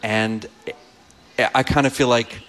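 A man talks through a story at an even, steady pace, sometimes dropping his voice low and quiet to retell what someone said. His pitch sits in the ordinary middle range for a man. He sounds like a guest on a talk podcast. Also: measured pace, in a large hall. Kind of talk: conversational storytelling.

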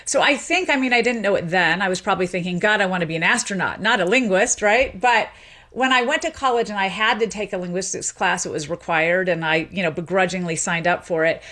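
A woman's voice: lowish voice, a little fast. A woman, a sociolinguist raised in Tennessee, giving long explanatory interview answers with frequent fillers. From Memphis, Tennessee. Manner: explanatory, lively, many fillers. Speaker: sociolinguist guest.

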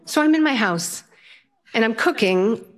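Older woman telling a funny story. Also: a little slow. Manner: lively, humorous, swoops up in pitch for punchlines. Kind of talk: personal story told to an audience.

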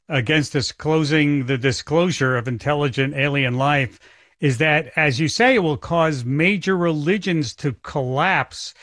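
A man's voice: medium pitch, a bit bright, dry recording, studio quality. A man interviewing two guests, asking questions with small restarts.

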